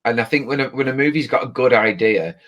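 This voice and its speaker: A British man guesting on a casual movie chat, enthusiastic but halting, with many fillers. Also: mid-range voice, fairly bright tone, muffled recording. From Britain. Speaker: podcast guest.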